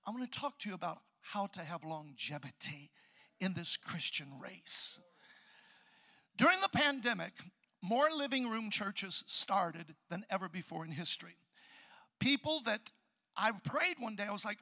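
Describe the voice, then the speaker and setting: A pastor, preaching an animated sermon to a congregation and joking with them. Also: male voice, sits high, moderate pace. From Chicago, USA. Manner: animated preaching, jokes with the crowd. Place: church hall before a congregation.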